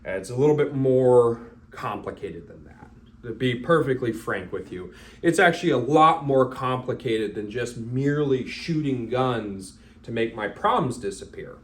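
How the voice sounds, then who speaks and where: A man's voice: medium pitch, expressive, normal speed, a little hiss or hum. A man teaching as a firearms instructor in a loose, casual talk, blunt and a little profane, acting out little scenes as he goes. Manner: blunt, profane, acts out scenarios.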